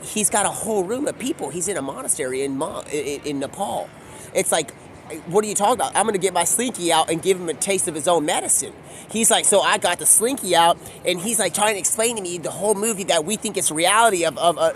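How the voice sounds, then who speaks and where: A man's voice: high voice, fairly bright tone, a little hiss or hum. A man telling a rambling, drifting story, often quoting people in put-on voices. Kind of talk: rambling stream-of-consciousness storytelling. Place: outdoors by a street.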